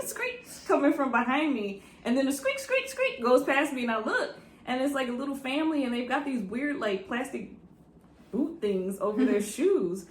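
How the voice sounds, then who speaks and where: A woman from San Francisco telling a travel story in casual chat, animated and acting out the people she quotes. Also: high-pitched, moderate pace, a little hiss or hum. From San Francisco, USA. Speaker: travel vlogger. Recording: roomy echo with faint music.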